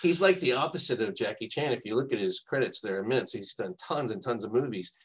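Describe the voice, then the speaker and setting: A man's voice: mid-range voice, expressive, fairly quick, a bit bright, husky, rough recording. A man co-hosting a podcast, telling a long anecdote in a casual, rambling way, often laughing and quoting people. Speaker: podcast co-host. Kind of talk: casual storytelling chat.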